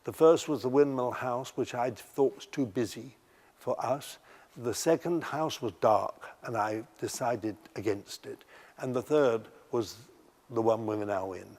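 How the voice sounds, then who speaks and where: An older man telling stories from his life in a documentary interview, halting and often restarting his sentences. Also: mid-range voice, darkish tone, big-room sound. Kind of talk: recounting memories in a documentary interview.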